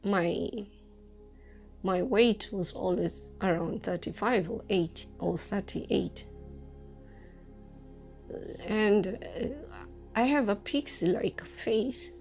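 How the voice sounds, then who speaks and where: A woman and former teacher telling a personal story in a casual, halting way, with many fillers and frequent laughs. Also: medium pitch, darkish tone, faint music behind.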